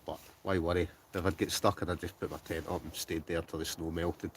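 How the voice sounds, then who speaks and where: Brief: very low-voiced Scottish man, jokey live-stream chat, slight background noise. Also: level tone, fairly quick. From Scotland. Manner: chatty, joking, trails off into mumbles. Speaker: wild camping livestreamer reading chat. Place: in a tent with a stove, outdoors at night.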